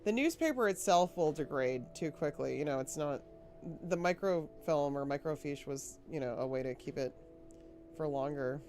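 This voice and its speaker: A chatty woman from Rhode Island talking casually on a livestream, giggling often and wandering off on tangents. Her voice sits a little low, and faint game music plays underneath. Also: animated, normal speed, darkish tone. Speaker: streamer.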